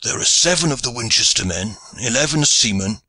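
A man's voice: medium pitch, lively intonation, fairly quick, bright, forceful tone, dry recording, pitched above the performer's own voice. Man reading as a blunt veteran archer. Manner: plain, matter-of-fact report. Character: blunt, steady male archer reporting losses.

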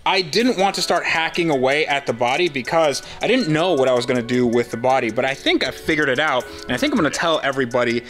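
A man in his thirties hosting a casual car-build video, animated and self-deprecating, with a sponsor read. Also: medium pitch, fast, few pauses, faint music behind. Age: 30s. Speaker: host.

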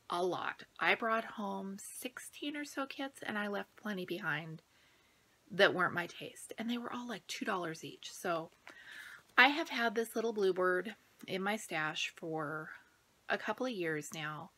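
A woman hosting her own cross-stitch video, chatting casually to the camera and dropping into soft, whispery asides. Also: mid-range voice, animated, a little slow.

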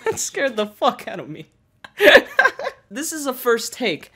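A woman doing comedic YouTube commentary, reading out comments with profane, sarcastic, deadpan mockery. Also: a little high, normal speed, slightly rough.

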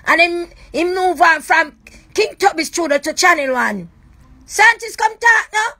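A woman's voice: extremely high pitch, expressive, unhurried, sharp tone. A woman with a Jamaican accent, ranting on a live stream in a raw, accusing, repetitive way. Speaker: livestreamer. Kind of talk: emotional live-stream rant.

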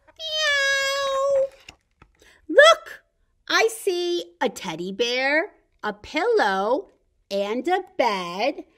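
Her voice a little high, a children's librarian hosts a baby story time with animated, sing-song energy. She reads a picture book out loud, sings simple tunes and does animal sounds.

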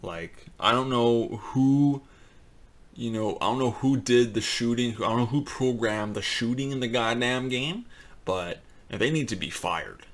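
A man hosting a gaming channel, talking casually and ranting in frustration, swearing often and filling pauses with "um" and "like.". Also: mid-range voice. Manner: frustrated, profane ranting with fillers. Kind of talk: casual commentary.

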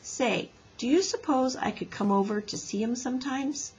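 A woman's voice: a little high, normal speed, a little mellow, slightly rough, dull audio, voice pushed up. A woman voicing a polite, earnest boy who owns the dog's rival claim. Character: strange boy, polite and defensive.

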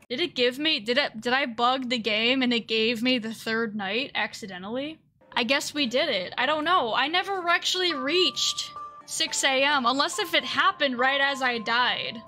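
High, bright-voiced woman gaming. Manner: talks to the game, swings from mutters to frightened shrieks. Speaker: gaming video creator. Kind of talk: horror game let's-play commentary.

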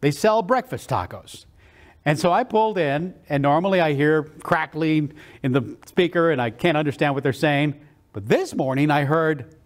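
Brief: male keynote speaker, high and very expressive, storytelling with dramatic pauses. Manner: animated, with slow dramatic pauses on key words.

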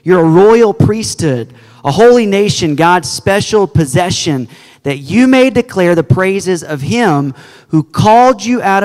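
A male pastor with a fairly high voice preaches earnestly and quotes scripture to his congregation. His voice rings with long church-hall reverb. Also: darkish tone. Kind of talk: sermon. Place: church sanctuary.

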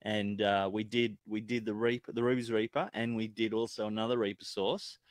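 A man's voice: on the low side, steady tone, a little fast, dry recording. An Australian man chatting as a guest in a casual chilli tasting chat, blunt and laid-back, swearing freely.

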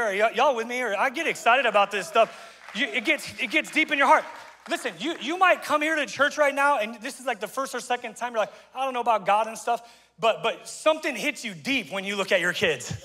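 A man preaching an energetic sermon as pastor, excitable and folksy, stumbling and repeating himself, a bit out of breath. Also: high voice, long reverb tail. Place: church sanctuary.

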